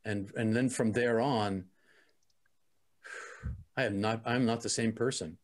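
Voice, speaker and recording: A middle-aged man, an interview guest, telling a personal experience in an earnest, halting way with many restarts and repeated words. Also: on the low side, fairly even intonation.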